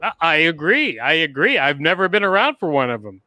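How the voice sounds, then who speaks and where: A man hosting a talent show with a drawn-out, sing-song showman delivery. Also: fairly high pitch, big pitch swings, sharp tone, no room sound.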